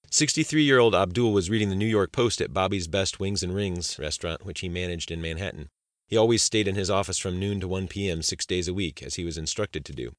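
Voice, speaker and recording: A man reading a thriller audiobook aloud in a steady, measured way. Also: deep voice, no room sound, studio quality. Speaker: narrator. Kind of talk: scripted audiobook narration.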